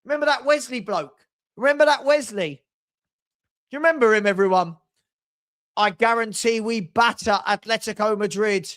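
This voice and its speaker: An older man hosting a live football watchalong, exasperated and sarcastic, breaking into shouts. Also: high-pitched, normal speed, long pauses. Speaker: fan watchalong host.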